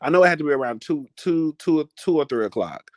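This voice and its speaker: A man's voice: a little high, expressive, fast, darkish tone, no room sound, studio quality. A man vlogging in a casual, chatty storytelling style, dramatic and full of asides. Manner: chatty, dramatic, keeps calling listeners "girl".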